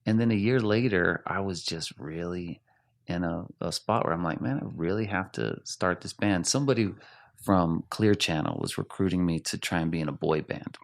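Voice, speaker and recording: A middle-aged man from Arizona, a rock singer, telling animated stories in a casual interview and laughing often. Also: sits low, normal speed, vocal fry.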